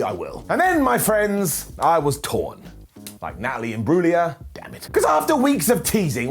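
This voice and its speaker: A man hosting a casual review show, talking in an animated, jokey and ranting way. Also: on the high side, slightly rough. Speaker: host. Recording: faint background music.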